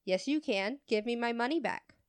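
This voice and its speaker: A woman playing a loud, entitled angry customer. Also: a little high, moderate pace, clean tone, dry recording, studio quality, lightly acted. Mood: demanding. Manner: loud, insistent demands. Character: rude demanding female customer, entitled and angry.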